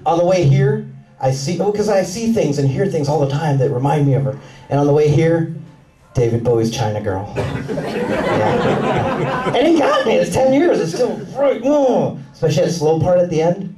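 Male stand-up, high lively voice, punchy delivery, heard from far in an echoey club over a loud laughing crowd. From Mexican family roots. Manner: animated, punchy delivery with quick put-on voices. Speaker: stand-up comedian. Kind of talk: stand-up comedy set. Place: comedy club on stage. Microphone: handheld stage mic. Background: audience laughter.

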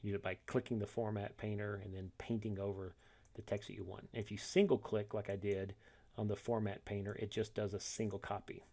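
A man walking through a software tutorial step by step, reading each instruction and then demonstrating it, correcting himself along the way. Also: on the low side, level tone, brisk. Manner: methodical, reads steps then demonstrates, self-corrects.

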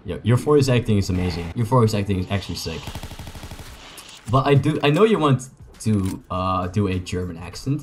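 A young man, a native Dutch speaker, gives excitable, joking, rambling commentary to his viewers as he plays a video game. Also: lowish voice, normal speed. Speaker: gaming YouTuber. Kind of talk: casual gameplay commentary.

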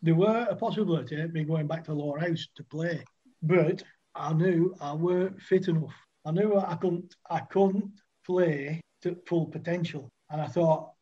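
A muffled recording catches an older guest, once a cricketer, casually telling rambling anecdotes about his cricket club and often laughing. He speaks at a moderate pace in a fairly high, warm, husky voice.

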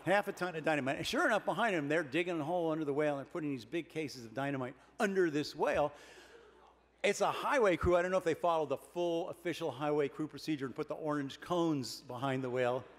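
An older man giving a comic keynote speech at a dinner, deadpan and wry, building his jokes with pauses. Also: on the high side. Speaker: keynote speaker. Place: large banquet hall with a dinner audience. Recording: reverberant banquet hall, faint room noise.

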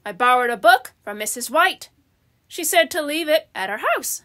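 Storybook: woman reading earnest housekeeper, high bright voice, slow and emphatic. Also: lively intonation. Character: cheerful literal-minded housekeeper woman.

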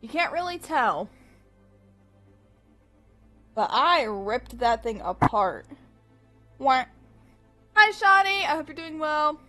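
A woman streamer chatting casually with her live audience, chatty and animated, swearing freely. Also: high voice, slow, long pauses, soft background music.

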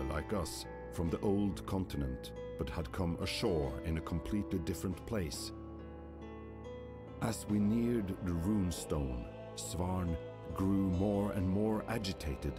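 An actor playing a solemn male Viking clan chief, narrating in measured, scripted game narration. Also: low-pitched. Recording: narration over game music.

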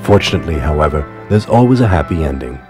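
A man giving a measured, solemn scripted reading for a documentary. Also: very deep voice, sing-song, music in the background. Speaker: documentary reader.

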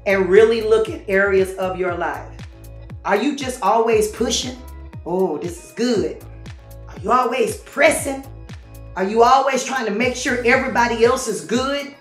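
A woman with a slightly high voice hosts a motivational faith talk. She has a lively, preacher-like delivery with playful exclamations. The room sounds echoey and faint music plays behind her. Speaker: host.

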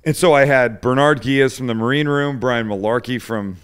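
A man with a smooth, mid-range voice hosts a cooking show at a moderate pace. He tells stories in casual conversation, joking around, poking fun at his friends, and doing their voices.

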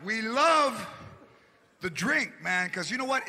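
A man in his forties doing animated stand-up comedy, shouting punchlines on stage at a live show with audience laughter. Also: very high-pitched, normal speed, background noise.

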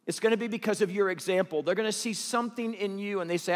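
A man delivers a sermon as a pastor. His voice sits high for a man. He leans on repeated phrases to drive points home, and the sound carries a long reverb from a big church auditorium. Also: fast, few pauses. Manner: emphatic, repeats phrases for weight.

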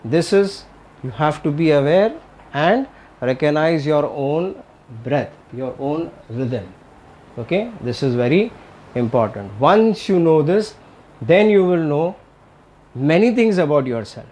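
Teaching tai chi and qigong live, a man uses an expressive, unhurried voice that sits on the high side and sounds a little mellow. He speaks emphatically and repetitively, often checking in with listeners by saying "Okay?"

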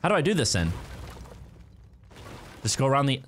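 A young man giving live commentary while playing a game, excitable and quick to cheer and yelp at close calls. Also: mid-range voice, a little hiss or hum. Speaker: gaming streamer.

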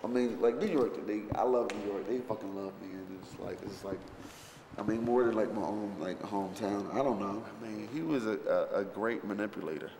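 A creaky, fairly low-pitched man speaks briskly against a noisy background, his voice echoing through a hall with long reverb and faint ambience. As an interviewee recalling a film shoot, he tells casual, profane, rambling stories riddled with fillers and restarts, animatedly performing others' lines.

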